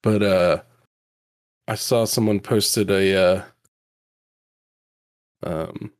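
A man's voice: low voice, extremely slow, no room sound. A man from Georgia co-hosting a sports podcast, chatting casually with lots of fillers. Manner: animated, hesitant fillers. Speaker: podcast co-host.

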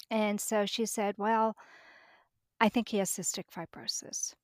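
A woman's voice: medium pitch, fairly even intonation, a little slow, no room sound, clean studio sound. A middle-aged woman, a podcast guest, telling a personal story vividly and acting out the dialogue.

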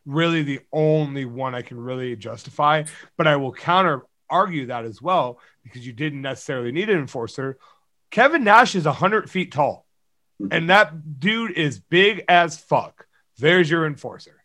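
A man's voice: a little high, expressive, normal speed, pushed and bright. A man co-hosting a podcast in casual chat, blunt and teasing, with plenty of swearing. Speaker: podcast co-host.

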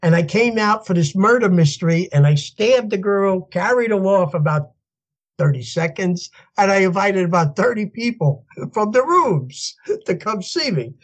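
An older man, a podcast guest telling his story in an animated way and laughing as he goes. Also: sits high, moderate pace. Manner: animated, laughs as he tells stories, acts out voices in quotes. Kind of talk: storytelling interview.

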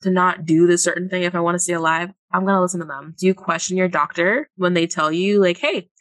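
A woman's voice: fairly low pitch, fairly even intonation, fast, dry recording. A woman co-hosting a podcast, talking in a chatty, emphatic way and reading quotes aloud. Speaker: podcast co-host. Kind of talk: casual podcast chat.

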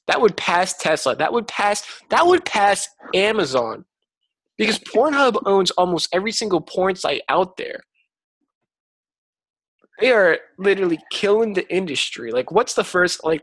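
Male podcast co-host, fairly high voice, joking rants, dry close sound. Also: fairly bright tone, no room sound. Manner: joking, ranting, fills with "like". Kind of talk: casual chat.

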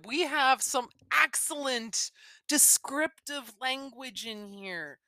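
A woman chatting casually, gushing and exclaiming with delight. Her voice is bright and leaps all over in pitch, yet she takes her time. The recording is dry. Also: lively intonation, slow pace, no room sound. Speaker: co-host commenting on the reading. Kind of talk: casual chat.

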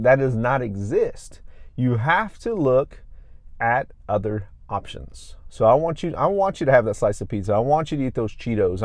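A man's voice: medium pitch, darkish tone, dry recording. Emphatic male fitness coach, dry sound. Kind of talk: casual fitness tips monologue.

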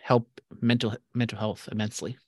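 A man's voice: on the low side, level tone, brisk, darkish tone, breathy edge, dry recording. Teasing man co-hosting a podcast, dry sound. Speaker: podcast co-host. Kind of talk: casual chat.

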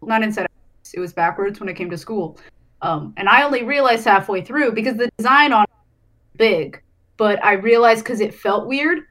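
A woman's voice: on the high side, moderate pace, a bit bright. A young woman in casual podcast chat, telling a story hesitantly with many ums.

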